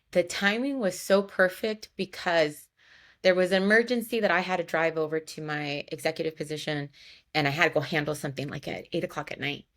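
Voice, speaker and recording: A woman's voice: lowish voice, a bit bright. A woman hosting a personal podcast, telling a candid story in a chatty way full of "like" and "you know". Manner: candid and emotional. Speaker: podcast host.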